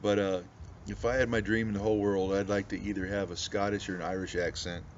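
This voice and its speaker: A man's voice: fairly low pitch, little pitch movement, fast talker. A man from the United States, a pastor chatting casually to viewers in a rambling, folksy way with many restarts. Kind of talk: casual pipe-smoking video chat. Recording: slightly dull audio with faint background noise.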